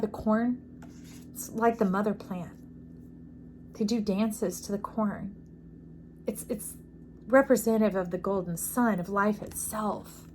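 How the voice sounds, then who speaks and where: With a medium-pitched voice and a bit of background noise, a woman delivers a casual intuitive tarot reading to camera. She comes across as effusive and preachy, regularly pausing to check in with the listener.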